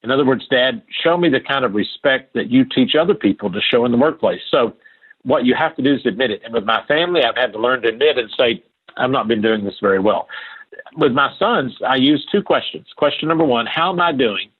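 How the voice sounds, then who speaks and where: A man's voice: mid-range voice, fairly quick, slightly rough. An older man from Appalachia, a podcast guest telling stories in an earnest, emphatic way, repeating phrases for stress. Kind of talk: storytelling interview talk. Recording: tinny phone-like line.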